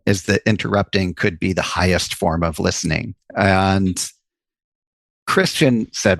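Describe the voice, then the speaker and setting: A man's voice: deep voice, measured pace, creaky, a bit bright, no room sound. A man, a psychologist and author, guest on a podcast interview, explaining his ideas at length with examples. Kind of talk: interview conversation.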